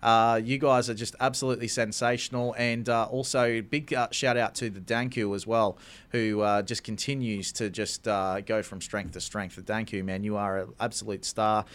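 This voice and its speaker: Australian man, podcast co-host, casual chat, excitable, laughs a lot. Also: on the low side, normal speed. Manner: enthusiastic, laughs often.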